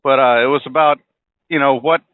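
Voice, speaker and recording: A man's voice: mid-range voice, steady tone, a little fast, no room sound. Profane rambling man on a tinny line. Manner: rambling, profane, blunt opinions. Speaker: podcast host. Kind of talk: casual monologue. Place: driving in a car. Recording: tinny phone-like audio.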